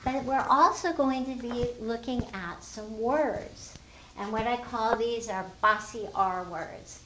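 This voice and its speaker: A woman's voice: fairly high pitch, slow, background noise. Upbeat older woman teaching in a roomy echo. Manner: upbeat, teacherly, talks to viewers as fellow teachers. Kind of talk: explaining a classroom phonics lesson.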